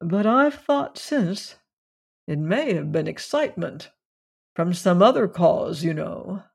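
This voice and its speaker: Low, distinct, unhurried gentleman clubman, weary, read by a narrator. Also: expressive, gravelly, slightly rough, exaggerated voice. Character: tired clubman telling a strange story, man. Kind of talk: audiobook reading of a story.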